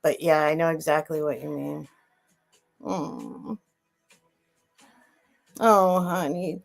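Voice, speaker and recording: Faint music plays behind a middle-aged woman whose gravelly voice sits low, with a steady tone and slow pace. Hosting a live sale stream, she chats casually in a rambling way, restarting and trailing off as she reads and answers the chat.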